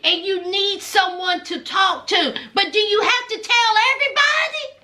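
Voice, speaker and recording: A woman's voice: very high-pitched, moderate pace. A woman, chatting casually through a recap of a reality TV episode, dramatic and talking straight to her viewers. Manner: animated, dramatic, addresses viewers as y'all.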